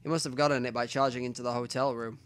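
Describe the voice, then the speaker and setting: A man reading a visual novel aloud as the host of a let's play, with quiet asides to himself between stretches of narration. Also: mid-range voice, level tone, very fast, clear, resonant tone.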